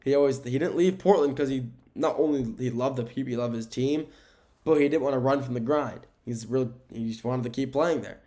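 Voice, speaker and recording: A man's voice: mid-range voice, a little fast, warm tone. A man hosting a sports podcast on his own, speaking in a mid-range voice with a loose, rambling delivery. He stops to correct himself and leans on fillers as he goes. He is recorded indoors in a room. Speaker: podcast host. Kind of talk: solo sports podcast talk. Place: indoor room with window blinds.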